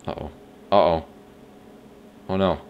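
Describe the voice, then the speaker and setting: Very deep-voiced man rambling over gameplay. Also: steady tone, unhurried, highs cut off, a little hiss or hum. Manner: rambling, unsure, thinks aloud. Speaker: let's play host. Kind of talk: casual gameplay commentary. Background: faint game music.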